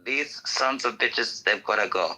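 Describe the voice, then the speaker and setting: A man's voice: on the low side, unhurried, sharp tone, breathy edge, poor audio. A man in a heated call-in discussion, ranting emphatically and swearing freely.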